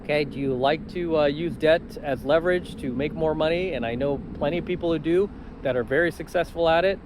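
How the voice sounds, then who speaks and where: A man's voice: on the high side, brisk, background noise. A man telling stories in a casual vlog, confident and matter-of-fact. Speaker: channel host.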